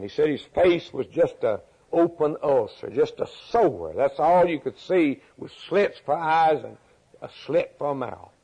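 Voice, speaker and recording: An older man preaching a sermon as pastor, moving from loud, high preaching to quiet storytelling. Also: slightly rough. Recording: dull lo-fi recording.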